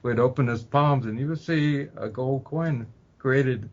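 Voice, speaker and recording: A man guesting on an interview show speaks calmly at an even middle pitch. He talks slowly, filling gaps with uhs and soft laughs. The sound is dull and lo-fi. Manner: unhurried, many ums and uhs, soft laughs. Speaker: guest spiritual teacher. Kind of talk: relaxed interview talk. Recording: dull lo-fi audio.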